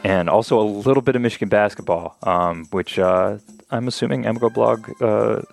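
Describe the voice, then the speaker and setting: A man's voice: fairly low pitch, brisk, vocal fry, faint music behind. A man co-hosting a casual sports podcast, thinking aloud in an analytical way. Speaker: podcast co-host.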